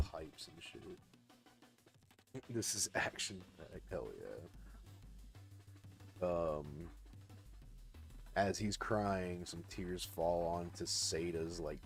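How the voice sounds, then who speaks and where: A young male streamer with a very low voice rambles casually through a storyboard, padding every phrase with "like" and swearing freely. Soft music plays faintly underneath him. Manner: rambling, heavy "like" filler, cursing. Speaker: artist streamer. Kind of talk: casual story pitch on a livestream.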